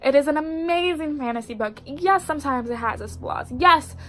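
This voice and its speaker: A young woman with a congested voice reviewing a book in casual, expressive chat. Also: high voice, normal speed. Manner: expressive and chatty, fillers like "like". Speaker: book vlogger.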